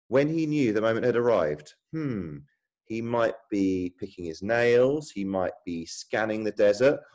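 A man's voice: on the low side, a little mellow, low-quality recording. A man, a primary school teacher thinking aloud and explaining as he types a writing lesson for children.

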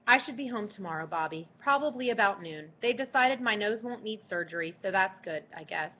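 A woman voicing a worried middle-aged mother on the phone, speaking gently and pleadingly. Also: medium pitch, lively intonation, a little fast, close to an everyday voice. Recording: dull lo-fi audiobook recording.

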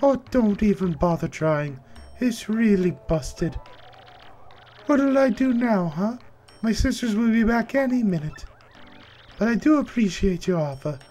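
A man voicing a timid young female shadow girl who frets softly and apologizes. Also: sits high, lively intonation, measured pace, soft background music. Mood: sad. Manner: fretful, soft, apologetic.

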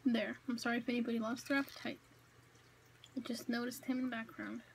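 A young woman talks to her viewers from home in a relaxed eat-with-me vlog. Her voice sits a little high, and she rambles with plenty of fillers and self-corrections. A faint hum of the room runs under her voice. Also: fast, vocal fry, low-quality recording. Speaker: vlogger. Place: home, indoors.

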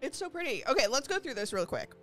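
A woman streaming a game live, chatting to her viewers and gushing excitedly over new items. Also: sits high, fast talker. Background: faint game lobby music.

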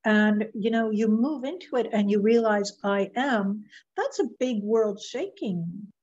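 A woman's voice: medium pitch, animated, a little slow, a little mellow, slightly rough. A woman interviewing a guest in casual conversation, mostly giving brief agreeing replies. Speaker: interviewer, mindset consultant. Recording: dull muffled audio.

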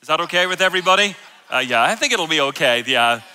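A man's voice: fairly high pitch, expressive, quick pace, clean tone. A man in his fifties with an Irish accent, preaching a live sermon with jokes and playful banter with the congregation. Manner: jokey, loud, playful with the crowd. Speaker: guest pastor. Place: church auditorium. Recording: long hall reverb.

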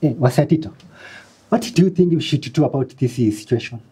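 A woman with a Kenyan accent playing a blunt, fed-up female college student, with a husky voice. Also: extremely low pitch, lively intonation, a little fast, warm tone, exaggerated voice. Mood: scolding. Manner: blunt, scolding. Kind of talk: web series acting.

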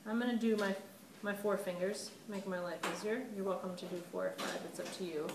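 A chatty woman art teacher talks a class through a clay demonstration and laughs at her slips. She is heard from well away from the microphone. Room echo and steady background noise surround her voice. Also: mid-range voice, a little fast. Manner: chatty, self-deprecating, laughs often. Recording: roomy, distant camera mic with background noise.

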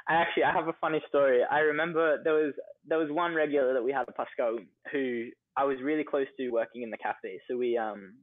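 A man's voice: mid-range voice, steady tone, fast talker, dry recording, narrow, tinny audio. Young aussie guy rambling friendly stories, phone-ish dry audio. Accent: Australian. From Australia. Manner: chatty, many fillers like "like" and "you know". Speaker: guest, coffee entrepreneur. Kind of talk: casual interview storytelling.

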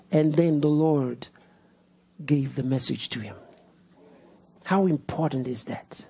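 A male pastor preaching a sermon, swinging from loud rhetorical questions to hushed whispers and repeating key lines with slow, deliberate emphasis. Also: on the high side, big pitch swings, slightly rough. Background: congregation answering and laughing.

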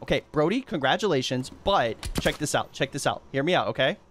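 Gaming streamer, young man, high and very animated voice, loud and excitable, slight background hiss. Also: brisk. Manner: loud, excitable, trash-talking, laughs and yells often. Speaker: gaming YouTuber. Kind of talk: energetic gameplay commentary.

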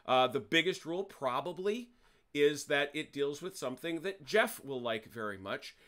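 A man's voice: a little high, animated, moderate pace, fairly bright tone. A man hosting a tabletop wargame, walking his players through the rules in a chatty way, often correcting himself mid-sentence and dropping wry jokes. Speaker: wargame host explaining rules. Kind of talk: casual rules explanation to players.

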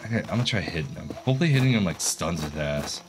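Casting: excitable male gamer, lively swoops in pitch, mid voice, game music running underneath. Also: racing. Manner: animated, jumpy, self-talking with repeated words. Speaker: gaming streamer. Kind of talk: horror game let's play commentary.

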